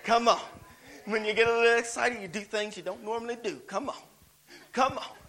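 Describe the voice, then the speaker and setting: A man's voice: very high voice, fairly even intonation, a little fast, bright, forceful tone, low-quality recording. A man preaching as a guest in a church, driving his points with repeated rhetorical questions and calls of "come on". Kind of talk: sermon.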